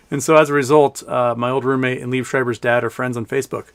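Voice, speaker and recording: A man's voice: medium pitch, little pitch movement, fast, clean tone. Man, middle-aged, live-stream host at a home desk mic, loose rambling chat, laughs a lot. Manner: rambling, reading chat aloud, laughs often. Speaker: livestream host.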